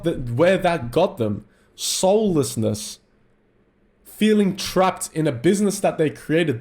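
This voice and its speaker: A young Australian man with a slightly high voice rants with raw intensity, swearing freely. He drives his motivational monologue hard and speaks straight to the listener. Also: a little mellow. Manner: intense, profane, ranting. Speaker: mindset vlogger.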